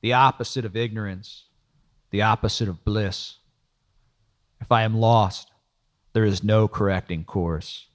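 A man's voice: lowish voice, steady tone, unhurried, long pauses. A man giving wry, world-weary first-person noir audiobook narration.

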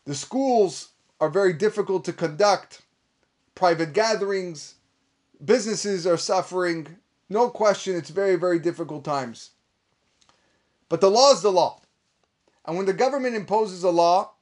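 A man delivers a sermon in a high, ringing voice. He preaches with passion and climbs to emphatic peaks. He slips Hebrew phrases into his talk. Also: measured pace, pauses often. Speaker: rabbi.

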